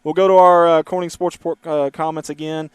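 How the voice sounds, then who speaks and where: A man's voice: on the high side, brisk, clear, resonant tone, no echo. Chatty man hosting a drive. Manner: reads viewer comments aloud, chatty and excitable. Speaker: livestream host. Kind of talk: casual driving livestream chat. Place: inside a moving car.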